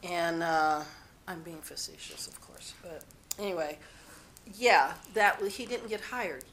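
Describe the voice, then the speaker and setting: A woman's voice: on the low side, measured pace, a bit bright, a little hiss or hum. A woman being interviewed, telling personal stories in a rambling, candid way and often restarting her sentences. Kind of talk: personal storytelling.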